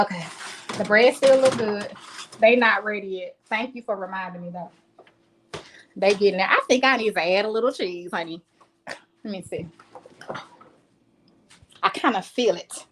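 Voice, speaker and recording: A woman's voice: medium pitch, normal speed, pauses often, background noise. A woman in her thirties hosting a casual live cooking stream from her home kitchen, chatting straight to her viewers. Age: 30s. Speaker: home cooking show host.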